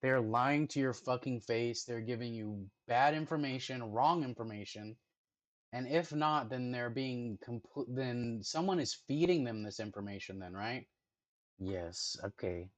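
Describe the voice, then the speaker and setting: A man talks casually at a medium pitch as he reacts to videos at home. His speech rambles and is crowded with filler words and swearing. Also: a little slow. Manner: rambling, profane, heavy use of filler words. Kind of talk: casual chat.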